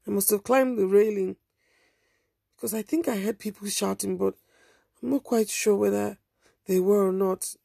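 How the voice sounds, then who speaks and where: A woman narrating a first-person story in a quiet, subdued, measured way. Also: mid-range voice, steady tone, gravelly, breathy edge, no echo, studio quality.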